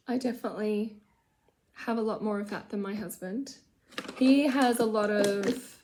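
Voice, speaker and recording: A woman's voice: on the high side, normal speed, darkish tone, slight background noise. A woman who has children, chatting loosely and self-mockingly while doing her makeup in her room at home. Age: adult with children. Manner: rambling, chatty, self-mocking, drops to mutters. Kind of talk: casual get-ready-with-me chat.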